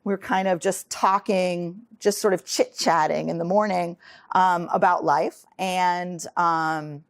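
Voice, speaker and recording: A woman's voice: on the low side, no echo. Earnest American woman lecturing, dry close sound. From United States. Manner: earnest, many ums, quick when excited. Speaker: guest speaker. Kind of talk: lecture talk.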